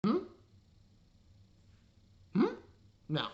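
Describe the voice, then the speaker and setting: A woman's voice: extremely slow, a little mellow, highs cut off. A woman reviewing an anime in a casual rant, exasperated and swearing freely.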